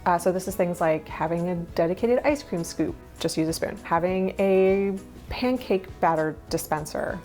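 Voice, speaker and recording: A woman in her thirties, chatty and candid, lists the things she no longer buys in a relaxed vlog. Her voice sits fairly low, with quick asides and little laughs, and faint music plays underneath. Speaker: minimalist lifestyle vlogger. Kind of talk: casual talking-head vlog.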